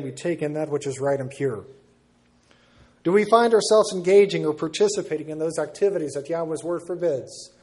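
High-voiced man preaching a sermon. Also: darkish tone. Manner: measured preaching with emphatic repetition.

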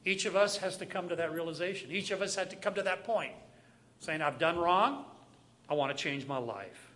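A man preaching a sermon in an emphatic style, often repeating key phrases and moving between loud and quiet passages. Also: on the high side, moderate pace.

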